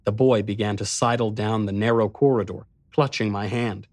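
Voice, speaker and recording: A man giving intense first-person dramatic narration of a dark story. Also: lowish voice, steady tone, normal speed, no echo.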